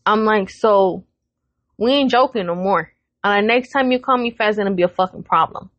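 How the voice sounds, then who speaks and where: A woman's voice: mid-range voice, a little fast. A woman retells a fight at home, jumping into everyone's voices and cursing freely. Her voice sits mid-range. The sound is muffled and lo-fi but close, with no room echo. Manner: animated retelling with quoted voices, frequent swearing. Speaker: podcast co-host. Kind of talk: casual storytelling chat.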